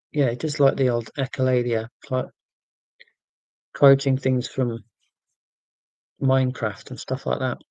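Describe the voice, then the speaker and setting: An English man in his forties with a near-London accent, chatting through viewer comments on a livestream. His delivery is a flat monotone, careful and clear. The recording is dry, with no room sound. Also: medium pitch, no room sound, lo-fi sound. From England, near London. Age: 40s. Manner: monotone, careful and deliberate about being clear. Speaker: livestream host. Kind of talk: casual livestream chat, reading out viewer comments.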